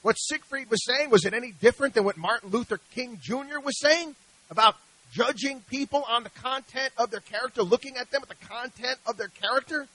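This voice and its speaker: Male radio host, high bright voice, dry studio sound, preachy and emphatic monologue. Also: brisk, dry recording, rough recording. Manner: emphatic, preachy, rhetorical questions.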